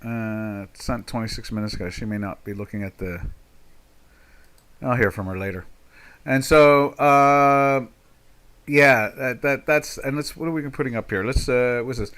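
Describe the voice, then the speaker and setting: An older man in his sixties talks through currency charts live in a rambling, folksy way, with sarcastic asides about governments. His voice is bright and forceful, at an ordinary middle pitch for a man. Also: normal speed, clean tone. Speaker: market commentator. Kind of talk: live trading commentary.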